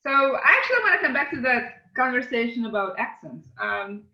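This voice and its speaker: A woman with a non-native English accent, a podcast guest speaking earnestly and reflectively, often pausing with hesitant fillers and restarts. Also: a little high, animated, pushed and bright. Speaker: podcast guest, company CEO. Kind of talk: casual interview conversation. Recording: roomy echoey sound.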